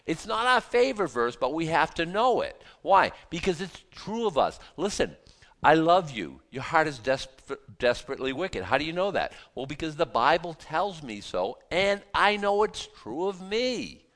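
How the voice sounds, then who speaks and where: A man's voice: fairly high pitch, sing-song, moderate pace, a bit bright. A man teaching a sermon on a Bible passage in a conversational way, often repeating words as he goes.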